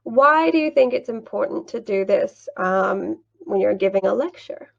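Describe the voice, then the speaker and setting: In a dull-sounding recording, an English teacher who also trains teachers walks through an online lesson on screen share. She is young, medium-pitched and animated, speaking at a moderate pace with a clear, patient, teacherly manner, often asking a question and then answering it.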